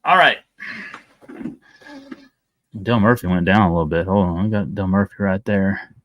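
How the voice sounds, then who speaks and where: A man's voice: deep voice, normal speed, highs cut off. A young man, hosting a casual livestream and rambling to viewers. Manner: rambling, chatty, talks to viewers. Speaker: livestream host.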